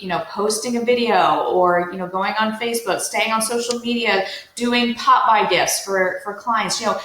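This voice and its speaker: A woman's voice: mid-range voice, fairly bright tone. A woman coaching real estate agents in a casual, upbeat, direct way, with lots of "you know"s. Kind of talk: casual motivational talk to agents. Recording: roomy echo.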